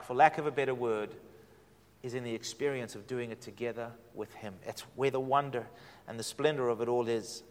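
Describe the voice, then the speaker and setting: Male pastor, high voice, earnest and inviting sermon delivery, long hall reverb. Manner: earnest, inviting, shifts from hushed to emphatic.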